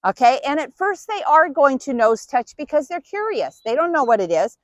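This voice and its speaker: Higher-voiced woman dog trainer, dry sound. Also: big pitch swings, moderate pace, no room sound, muffled recording. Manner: patient, explains step by step while giving dog cues. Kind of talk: instructional demonstration.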